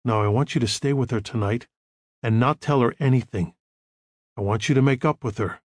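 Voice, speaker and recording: A man voicing a calm, controlled counselor who gives quiet, measured instructions. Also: mid-range voice, no room sound, clean studio sound, close to an everyday voice. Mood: firm.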